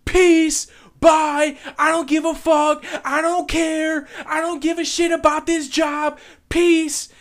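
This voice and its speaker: A man voicing a furious young female fast-food worker who screams as she quits her job. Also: high voice, little pitch movement, voice pushed up. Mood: screaming. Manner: screaming, dismissive.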